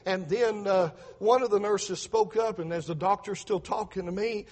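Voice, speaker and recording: A middle-aged man delivers an earnest testimony sermon, retelling events with repeated words and acted-out voices. His voice sits high and sounds husky. A long reverb trails behind him. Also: moderate pace, darkish tone. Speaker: preacher, father telling testimony.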